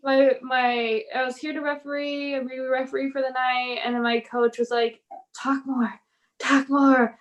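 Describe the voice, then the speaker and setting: A woman pro wrestler in a casual interview, telling stories in an animated way, acting out quotes and laughing often. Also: high-pitched, normal speed, hardly any pauses.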